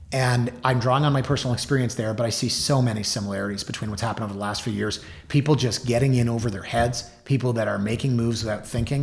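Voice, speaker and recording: Male host, 40s, mid-pitched, chatty storyteller with sarcastic asides. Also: echoey room. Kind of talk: casual monologue.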